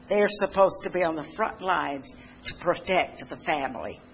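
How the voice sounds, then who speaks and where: Sharing her testimony in the manner of a sermon, an older woman tells homey personal stories in a chatty way, restarting and wandering into asides. She talks at a normal speed with a fairly low, husky voice and lively intonation, in a low-quality recording.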